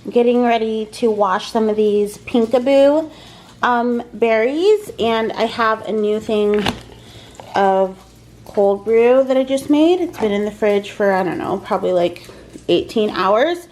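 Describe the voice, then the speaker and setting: A woman's voice: fairly high pitch, a little slow, darkish tone. A woman talking casually through her cooking in a home kitchen vlog, with frequent ums, over a faint kitchen fan. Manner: chatty, explains as she cooks, frequent ums. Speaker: vlogger. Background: kitchen fan and frying noise.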